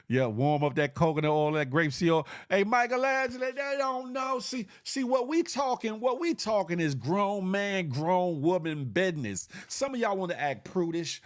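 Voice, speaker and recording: Speaking at a moderate pace, a Southern US man hosts a casual morning live stream, reading comments from chat and often laughing. His manner is animated, with large shifts in pitch. The recording is dry and studio-clean.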